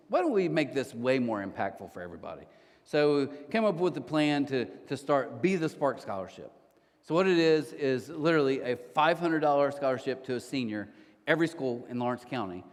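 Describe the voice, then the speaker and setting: Animated male pastor in a reverberant hall. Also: medium pitch. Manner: conversational, animated storytelling with quick restarts. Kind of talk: sermon. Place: church auditorium.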